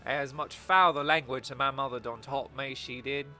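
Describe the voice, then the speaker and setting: A shrill, foul-mouthed female innkeeper scolds in an exaggerated dialect, as a man puts her on while playing a game. The voice is pushed high and bright. Soft music plays behind. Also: steady tone, moderate pace. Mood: prim.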